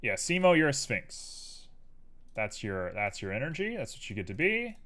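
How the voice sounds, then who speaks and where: A man's voice: medium pitch, big pitch swings, moderate pace, fairly bright tone. A man casually chatting on a live stream while he works, playful and talking to himself and his chat. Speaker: livestreamer and 3D artist.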